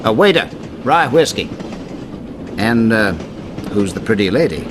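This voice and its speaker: An actor playing a brash, chummy Texan reporter in a radio drama, with a folksy drawl. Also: male voice, on the low side, very animated, a little slow, noisy background. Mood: jovial. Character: brash boastful male Texan reporter, middle-aged. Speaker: traveling writer.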